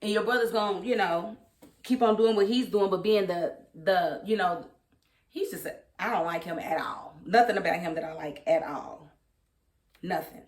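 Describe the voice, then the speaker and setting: A woman's voice: lowish voice, moderate pace. A woman recapping and reviewing a TV series in a casual, opinionated vlog, speaking animatedly and acting out the characters. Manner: animated, opinionated, quotes characters in funny voices. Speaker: TV show reviewer. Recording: roomy echo.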